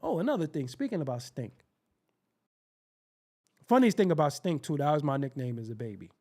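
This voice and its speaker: Gravelly, animated male comic host. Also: a little high, fairly quick. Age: adult. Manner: animated, acts out voices, laughs often. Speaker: show host. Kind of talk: profane comedic storytelling.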